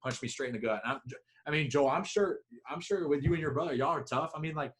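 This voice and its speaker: A man co-hosting a casual sports talk show, telling rambling, profane stories with animated energy. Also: on the high side, fast. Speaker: podcast co-host.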